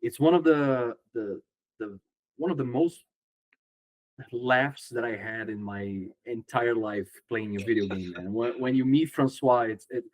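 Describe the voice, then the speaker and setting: A man's voice: medium pitch, measured pace, dry recording. A man hosting a podcast interview, who speaks as an eager fan and laughs along with his guest. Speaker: podcast host. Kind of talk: casual interview chat.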